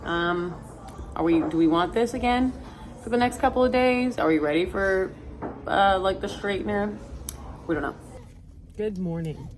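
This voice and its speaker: Her pace is moderate and she pauses often, her voice at medium pitch. A woman in her thirties, she rambles self-mockingly and curses casually in a car vlog recorded on a mounted camera in her neighborhood, with the noisy interior carrying car and road sounds.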